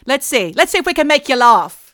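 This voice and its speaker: A woman's voice: high-pitched, very animated, brisk, a bit bright, no room sound. An Australian woman co-hosting a comedy podcast from her home recording studio. She chats in a wry, theatrical, self-mocking way. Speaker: podcast co-host. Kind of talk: casual comedic chat.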